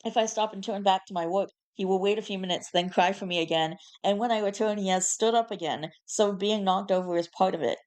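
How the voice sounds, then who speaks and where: A woman's voice: medium pitch, a little fast, few pauses, darkish tone, clean tone. A woman hosting a channel where she reads posts aloud, with mock-solemn drama and chatty asides. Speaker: host reading online posts. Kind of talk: reading a post aloud to camera.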